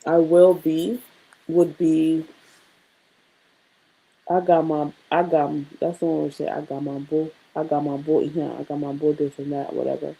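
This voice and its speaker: A woman's voice: deep voice, level tone, unhurried, creaky, warm tone, husky, low-quality recording. A woman building a language study sheet on screen, thinking aloud, muttering and correcting herself as she types practice phrases. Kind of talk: casual screen-share lesson, thinking aloud.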